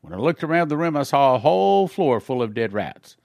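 A man's voice: mid-range voice, very animated, fairly quick, gravelly, darkish tone, no echo. A man giving an earnest spoken testimony in a sermon, telling his story plainly with small slips and acting out the voices of others. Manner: acts out dialogue with shifting voices.

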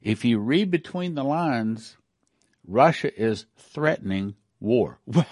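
A man's voice: medium pitch, lively intonation, takes it slowly, a little mellow, no room sound, studio quality. A middle-aged man giving emphatic news commentary with a prophetic bent, repeating and rereading his points.

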